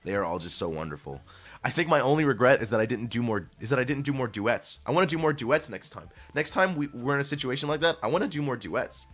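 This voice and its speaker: A man streamer chatting casually to his viewers, earnest and gushing, swearing freely, his voice jumping up when excited. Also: mid-range voice, fast.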